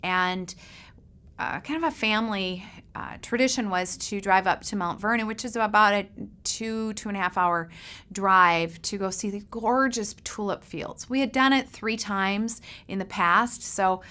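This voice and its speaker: A middle-aged woman, a parent coach, telling a lively personal story to parents and acting out the voices in it. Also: clear, resonant tone. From Seattle area, United States. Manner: animated storyteller, acts out quoted voices with big pitch jumps.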